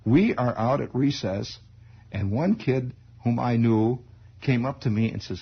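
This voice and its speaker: Gravelly, husky man telling a radio story. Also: mid-range voice, a little slow. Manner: animated, digressive, chuckling storytelling. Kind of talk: improvised radio monologue. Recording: lo-fi 1960s radio broadcast.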